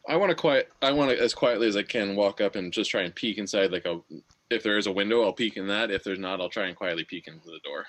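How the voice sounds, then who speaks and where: Deep-voiced man playing a tabletop game. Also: quick pace, a bit bright, no room sound. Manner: casual, laughing often. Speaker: player.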